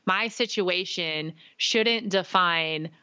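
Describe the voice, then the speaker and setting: A woman's voice: lowish voice, slow pace, bright, forceful tone, clean tone, lo-fi sound. A young woman telling an earnest faith story in casual conversation, acting out bits of dialogue. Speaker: guest. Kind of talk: faith testimony in casual chat.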